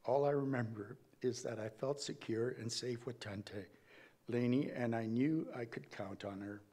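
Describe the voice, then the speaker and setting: A man delivering a eulogy in a church, reading carefully from prepared notes. His voice sits in an ordinary middle pitch, and he stumbles and restarts now and then. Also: a little mellow. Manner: measured, reading aloud with small slips and restarts. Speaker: family member giving a eulogy.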